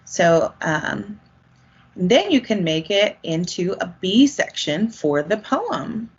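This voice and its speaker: A woman music teacher talks children through a lesson in a slow, unhurried, encouraging way, counting out rhythm syllables as she goes. The recording is a little dull and lo-fi. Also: mid-range voice, very animated, husky.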